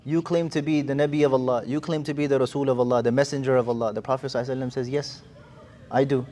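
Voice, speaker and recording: A man preaching in a mosque, telling a story quickly and acting out the quoted speech. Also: medium pitch, little pitch movement, mellow, slight background noise. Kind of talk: sermon.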